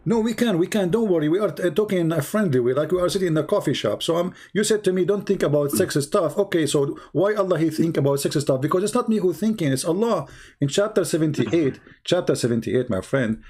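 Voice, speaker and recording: A man's voice: fairly high pitch, expressive, fast talker, a little mellow, breathy edge. A man in an online debate, mocking and persistent, repeating his questions.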